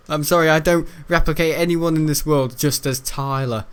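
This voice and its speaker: A British man rambling through casual gaming commentary, chuckling often and jumping up in pitch when he's incredulous. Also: steady tone, normal speed, clean tone. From United Kingdom. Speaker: gaming YouTuber.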